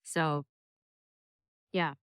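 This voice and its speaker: A woman's voice: drawn-out words, fairly bright tone, no echo, clean studio sound. A young woman talking casually to a camera on a stand, chatty, laughing often and restarting her sentences. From United States. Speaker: vlogger.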